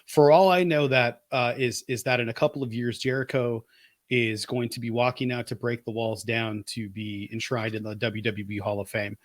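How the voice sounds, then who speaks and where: A man's voice: mid-range voice, fairly even intonation, moderate pace, no echo. A man co-hosting a podcast, chatting casually and thinking aloud with enthusiastic, opinionated takes. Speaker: podcast co-host.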